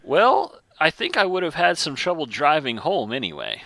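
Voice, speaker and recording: Bright-voiced man in his thirties. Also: fairly high pitch, normal speed, vocal fry, no room sound, studio quality. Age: 30s. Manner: rambling, animated when retelling quotes. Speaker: podcast host. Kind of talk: casual storytelling chat.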